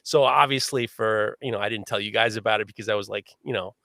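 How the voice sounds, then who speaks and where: A man hosting a live podcast, telling a long story in a lively, swearing manner. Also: fairly low pitch, quick pace, creaky, no room sound, studio quality. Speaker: podcast host.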